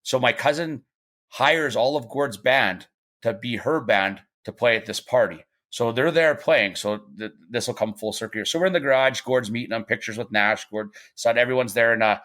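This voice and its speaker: A man's voice: mid-range voice, moderate pace, fairly bright tone. Rambling man telling a story. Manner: rambling with frequent restarts and fillers; acts out quoted voices in his stories. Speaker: podcast guest. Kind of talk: casual storytelling.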